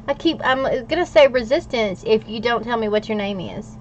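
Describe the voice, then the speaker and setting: A woman's voice: a little high, animated, a little slow, slight background noise. Middle-aged woman, livestream host, chatty and playful, reading viewer comments aloud, slightly dull lo-fi sound. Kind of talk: casual livestream chat while journaling.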